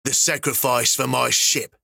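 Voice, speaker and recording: A man voicing a boastful, brutal male dwarf king in a storybook reading, speaking in slow, grand proclamations. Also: medium pitch, steady tone, vocal fry, pushed and bright, no echo, clean studio sound, exaggerated voice. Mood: proclaiming.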